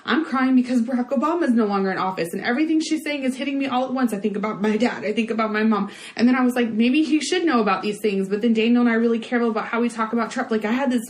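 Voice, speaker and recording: A woman's voice: fairly high pitch, racing, hardly any pauses. Emotional woman podcast co-host. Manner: emotional, talks in long run-on stories. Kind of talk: casual podcast chat.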